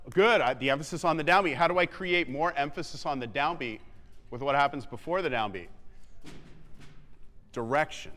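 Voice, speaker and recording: A man coaching a wind band in rehearsal, giving quick feedback, singing melodic lines on syllables and counting the players in. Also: mid-range voice, a bit bright. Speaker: band clinician. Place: large theatre stage. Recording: echoey hall, long reverb.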